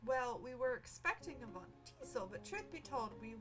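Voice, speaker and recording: A woman reading the lines of a reserved woman mayor in a measured, formal manner. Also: high voice, very animated, over music.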